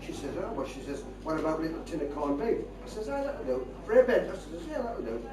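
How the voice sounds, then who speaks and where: A man's voice: a little high, sing-song, fast. An older man with a Geordie accent, telling rambling comic stories on stage. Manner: chatty, rambling tall tales with a broad northern lilt. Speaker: stand-up comedian. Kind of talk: live stand-up storytelling. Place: stage before a live audience. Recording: echoey, distant live stage recording with crowd laughter. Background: audience laughing.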